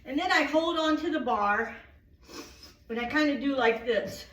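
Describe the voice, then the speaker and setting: A woman's voice: high-pitched, moderate pace, a bit bright, distant mic, slight background noise. Chatty woman vlogging in an echoey room. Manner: chatty, rambling with many ums. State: out of breath after exercise. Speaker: lifestyle vlogger. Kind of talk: casual home vlog. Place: at home, workout area then kitchen.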